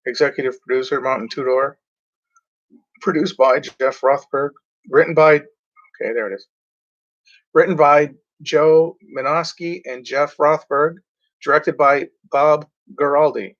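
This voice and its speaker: A man talking casually about movies, rambling and halting, often clearing his throat and filling pauses. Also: fairly high pitch, steady tone, muffled recording. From Mexico. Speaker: movie reviewer. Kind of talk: casual movie talk, reading back covers.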